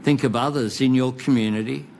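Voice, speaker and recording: A man with an Australian accent, a national leader giving a formal, measured and reassuring televised address. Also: mid-range voice, fairly even intonation, gravelly, a little mellow, slight background noise.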